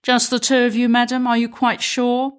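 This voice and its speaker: A woman's voice: fairly high pitch, completely flat delivery, moderate pace, pitched above the performer's own voice, natural voice. A woman voicing a nervous young male police officer who stammers and apologizes. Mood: sheepish.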